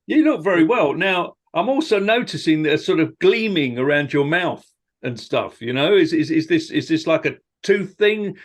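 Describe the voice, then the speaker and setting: Bloke asking teasing little questions, voice a bit high. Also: male voice, expressive, moderate pace. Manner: teasing, asks short questions. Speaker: interviewer. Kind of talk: casual interview.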